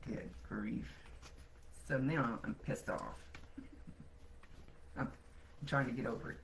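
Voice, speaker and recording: Gravelly, blunt woman livestreaming from home. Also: a bass voice, slow, slight background noise. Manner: blunt, grumbling, swears freely. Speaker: psychic medium hosting a weekly livestream. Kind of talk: casual live-stream chat.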